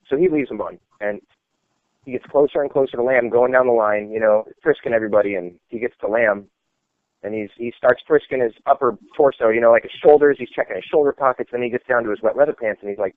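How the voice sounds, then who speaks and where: A medium-pitched man talks quickly with no room sound, an ex-army guy telling offhand, rambling tales full of "you know" and "like." The sound is thin and dry, phone-like.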